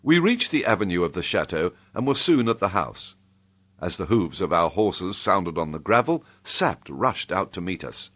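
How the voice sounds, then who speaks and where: A British man narrating an audiobook in the first person. His low voice moves lively across its range, shaping each sentence with expressive storytelling. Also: moderate pace. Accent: British English.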